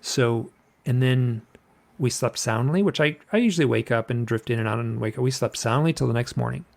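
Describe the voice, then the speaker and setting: A man's voice: mid-range voice, brisk, vocal fry, a little mellow. Rambling man telling an eerie story. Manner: rambling, repeats phrases, acts out quotes. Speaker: podcast guest recounting an experience. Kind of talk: casual storytelling.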